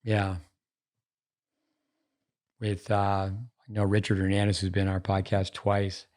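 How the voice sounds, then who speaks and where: In a deep, slightly mellow voice delivered completely flat at a measured pace, this man hosts a podcast, drifting casually through one digressive story after another.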